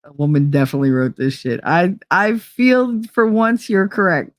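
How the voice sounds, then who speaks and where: A woman's voice: fairly low pitch, big pitch swings, normal speed, dry recording. A young adult woman streamer chatting casually while reading quiz questions aloud, blunt, joking and full of profanity. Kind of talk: casual chat reading online quizzes aloud.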